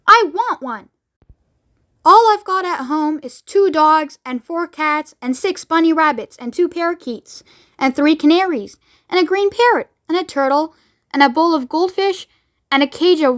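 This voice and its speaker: A woman's voice: very high voice, animated, a little slow, fairly bright tone, voice pushed up, exaggerated voice. A woman voicing a spoiled, demanding rich young girl with a whiny, insistent tone.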